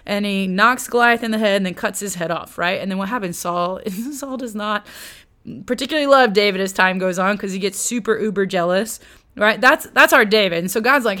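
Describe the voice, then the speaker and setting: A woman teaches the Bible in an easygoing, chatty way. She drops slang into her lessons and retells the old stories with energy. Her voice sits in a middle pitch. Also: a little fast. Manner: conversational and slangy, lively retellings.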